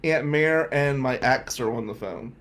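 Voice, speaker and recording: A man telling a comic story in an animated, profane, incredulous way. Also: mid-range voice, a little slow. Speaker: stand-up comedian.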